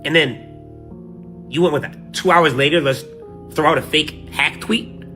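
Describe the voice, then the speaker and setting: A man with a higher, bright, lively voice that swings around a lot as he rants. He reads posts aloud and tears into them with profane, mocking asides. Faint music sits behind him. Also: unhurried. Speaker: podcast co-host. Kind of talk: casual commentary reading posts aloud.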